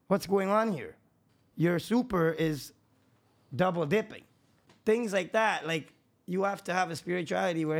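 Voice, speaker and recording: A man's voice: high-pitched, measured pace, creaky, pauses often. A man, a contractor and podcast guest, talking in casual chat with a profane, emphatic, preachy manner.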